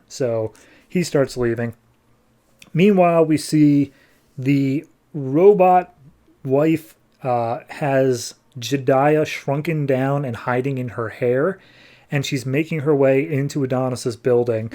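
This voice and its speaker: A man's voice: mid-range voice, mellow. A man hosting a podcast, casually recapping a comic book in an offhand way with lots of fillers. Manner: offhand, filler-heavy retelling with quick put-on quotes. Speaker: podcast host.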